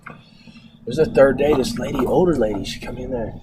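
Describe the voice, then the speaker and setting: A man co-hosting a podcast, telling casual stories in an animated way and acting out the people in them, recorded in a home garage. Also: medium pitch, normal speed, noisy background. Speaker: podcast co-host. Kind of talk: casual storytelling chat.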